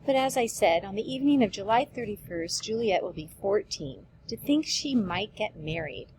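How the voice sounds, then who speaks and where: A woman's voice: medium pitch, expressive, normal speed, darkish tone, a little hiss or hum, close to an everyday voice, poor audio. A woman voicing a talkative, fond old nurse who rambles and repeats herself, reading a play aloud. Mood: rambling.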